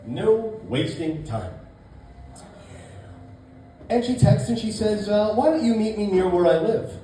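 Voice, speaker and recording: A man doing a stand-up comedy set, telling a story and acting out both sides of a date in an animated way. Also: sits high, a little slow, very echoey, recorded from a distance, slight background noise, rough recording.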